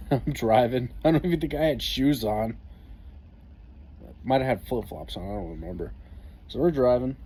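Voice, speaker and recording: A man's voice: mid-range voice, moderate pace, pauses often, dark tone, a little hiss or hum. A man telling a story in a casual vlog, profane, wry and laid-back, as an army veteran.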